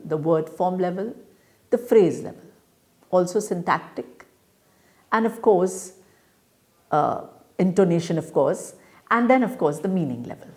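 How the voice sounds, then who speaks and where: A woman delivers a recorded lecture on teaching, her voice sitting a little low. She explains point by point in a measured, deliberate way, pausing on fillers as she thinks. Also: darkish tone. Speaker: teacher educator.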